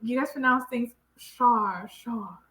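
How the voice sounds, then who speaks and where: A woman with a high, bright, lively voice reacts to a video with teasing jokes and laughter. The room around her sounds echoey. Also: slow. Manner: teasing, playful, often laughing. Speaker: reaction channel co-host. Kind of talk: casual reaction chat.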